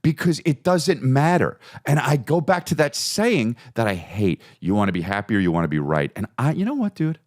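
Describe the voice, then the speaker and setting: Speaking at a normal speed with few pauses, the podcast host recounts a comedic story, animatedly voicing everyone's lines, his own too, with big pitch jumps.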